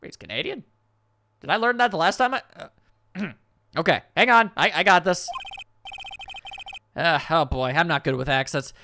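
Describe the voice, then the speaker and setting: A man's voice: fairly high pitch, lively intonation, moderate pace, vocal fry, long pauses, bright, forceful tone, a little hiss or hum. A man doing joking, self-deprecating commentary while playing through a story game. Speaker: let's play host. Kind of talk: playthrough commentary.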